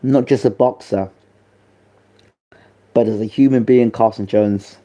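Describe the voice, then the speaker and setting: A man giving a personal spoken tribute as a boxing channel host, grieving, soft and halting, with many pauses and fillers. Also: on the low side, steady tone.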